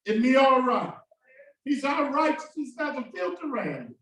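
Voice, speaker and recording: An impassioned pastor delivers a sermon in a church sanctuary with a very high-pitched, sing-song male voice at normal speed. His call-and-response preaching swings between shouting bursts and sudden drops, recorded from a distance in a very echoey church.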